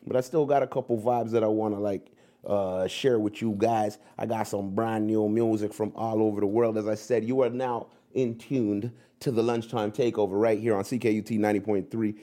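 A man's voice: fairly low pitch, steady tone, normal speed, dark tone. Slangy, laid-back male radio host. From Montreal. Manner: slangy and laid-back, repeats phrases, slips into Caribbean-style patois. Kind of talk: casual radio chat with shout-outs. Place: radio studio.

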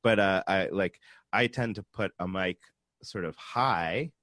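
Very deep-voiced rambling male musician. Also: a little slow, fairly bright tone, no echo, studio quality. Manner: rambling, many restarts. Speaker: musician guest. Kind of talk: casual radio conversation. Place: radio studio.

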